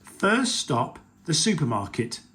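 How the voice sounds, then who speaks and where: A man's voice: fairly high pitch, sing-song, measured pace, a bit bright, voice pushed up. A man voicing a jolly, playful father pig in a read-aloud storybook, hearty and showy. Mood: cheerful.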